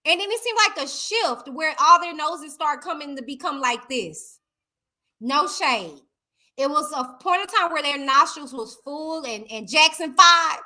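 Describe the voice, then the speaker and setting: A woman's voice: high-pitched, a little slow. A woman hosting a casual live stream, chatting and reading out viewer comments, talking straight to her viewers. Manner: chatty, animated, addresses viewers directly as y'all.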